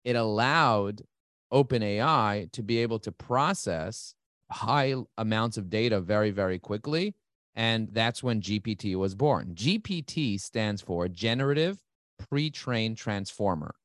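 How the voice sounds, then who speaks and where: A middle-aged man talking as an interview guest, fast and enthusiastic, repeating key words for emphasis. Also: on the low side, expressive, a bit bright, no echo, clean studio sound. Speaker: guest, marketing agency CEO. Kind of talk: energetic interview talk.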